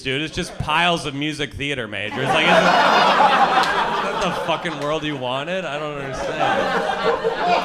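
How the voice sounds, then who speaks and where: Young guy doing raunchy standup, slightly high voice, crowd laughing loud behind him. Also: very noisy. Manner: brash, crude, crowd work with quick asides. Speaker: stand-up comedian. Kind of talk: stand-up comedy set. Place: live comedy show with audience. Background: loud audience laughter.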